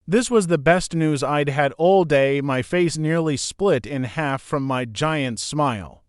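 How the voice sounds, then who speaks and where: A man reading a novel aloud as audiobook narrator, in a plain, steady first-person storytelling manner. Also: fairly high pitch, unhurried, hardly any pauses, no room sound, clean studio sound.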